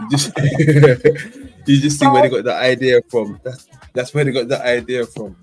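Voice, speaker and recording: A man hosting a casual livestream who keeps breaking into laughter and loud exclamations between his remarks. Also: medium pitch, measured pace, soft background music. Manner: calls people "boy". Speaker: stream host.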